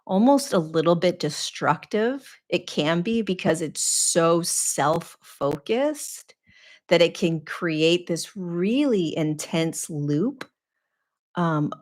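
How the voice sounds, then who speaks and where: A woman's voice: lowish voice, takes it slowly. A woman spiritual teacher hosting a live question-and-answer talk, speaking earnestly in a repetitive coaching cadence with frequent fillers. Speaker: spiritual teacher and podcast host.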